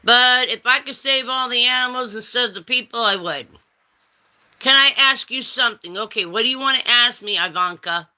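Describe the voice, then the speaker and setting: A woman with a slightly high, bright, pushed voice talks at a normal speed. She's hosting a casual livestream, reading the chat aloud and teasing viewers with pet names like honey and darling.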